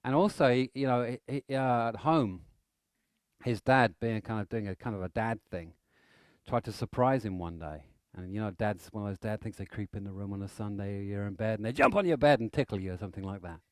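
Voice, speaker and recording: Guy teaching a seminar, animated storyteller, dry close sound. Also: on the low side, a little fast, clean tone, no echo. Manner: animated, acts out stories with shouts and laughter. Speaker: NLP trainer.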